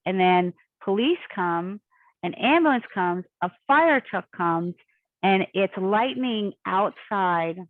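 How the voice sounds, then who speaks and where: A woman telling a story with lively energy, jumping into other people's voices as she goes. Her voice comes over a thin, phone-like line with no room sound around it, like a video call. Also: medium pitch, dry recording. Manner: animated storyteller, acts out quoted voices. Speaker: guest. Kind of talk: casual storytelling interview. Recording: tinny phone-like call audio, dry.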